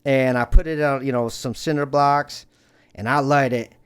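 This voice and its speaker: A man's voice: medium pitch, fairly even intonation, normal speed, clean tone. A man hosting a podcast, telling a story casually and rambling, full of "you know" and swearing. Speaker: podcast host.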